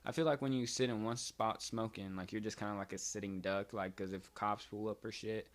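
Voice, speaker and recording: A man's voice: lowish voice, steady tone, brisk. A young man telling a casual storytime vlog story, rambling and swearing, with constant "like" fillers. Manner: rambling, profane, filler-heavy "like". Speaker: vlogger.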